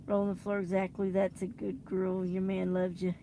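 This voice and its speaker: A woman's voice: mid-range voice, monotone, normal speed, warm tone, a little hiss or hum. A woman chatting and laughing with viewers on a late-night livestream from inside her truck. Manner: chatty, laughs often, reads and answers viewer comments. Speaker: livestream host.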